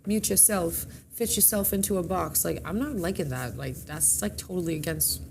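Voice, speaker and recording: A woman co-hosting a morning show casually reads out the horoscopes and chats, tripping over words and correcting herself as she goes. Her voice is lowish and gravelly, at a moderate pace, with background noise present.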